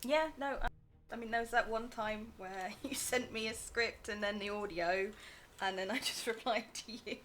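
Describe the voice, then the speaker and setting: A woman's voice: a little high, moderate pace, fairly bright tone, faint music behind. Dry, blunt woman co-hosting. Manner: dry, blunt, laughs often. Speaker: co-host and editor. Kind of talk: casual livestream chat.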